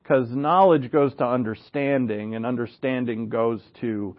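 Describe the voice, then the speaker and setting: A man's voice: mid-range voice, fairly even intonation, unhurried, dull audio. A man preaching a sermon in an earnest, conversational way, with asides and rhetorical questions. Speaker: pastor.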